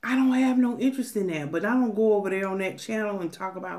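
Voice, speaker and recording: A woman's voice: mid-range voice, darkish tone. Emphatic woman vlogging. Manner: emphatic, preachy, drawn-out phrases with repeated restarts. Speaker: mukbang vlogger. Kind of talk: casual talk to camera while eating.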